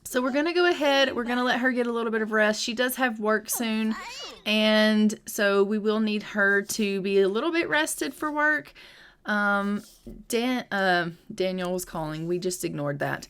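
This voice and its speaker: A woman's voice: mid-range voice, moderate pace, fairly bright tone. Chatty woman narrating a game. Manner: chatty, upbeat, frequent "um" fillers. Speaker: gaming channel host. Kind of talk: casual let's-play commentary.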